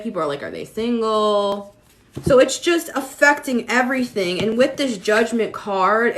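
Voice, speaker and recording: A woman's voice: medium pitch, a bit bright, a little hiss or hum. A woman giving a casual livestream tarot reading, chatting with viewers and using lots of "like". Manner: chatty, talks to viewers, many "like"s.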